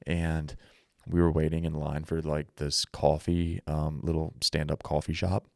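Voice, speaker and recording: A man's voice: a bass voice, flat delivery, unhurried, creaky, darkish tone, dry recording, studio quality. A man hosting his own podcast, telling stories and giving earnest, emphatic advice in a conversational way. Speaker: podcast host. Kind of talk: solo podcast monologue.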